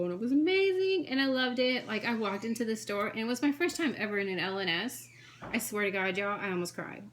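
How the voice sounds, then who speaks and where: Chatty woman, fast and gushing. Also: medium pitch. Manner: fast, chatty, jumps between topics; excitable, gushing. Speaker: cross-stitch vlogger. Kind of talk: casual chat showing craft projects.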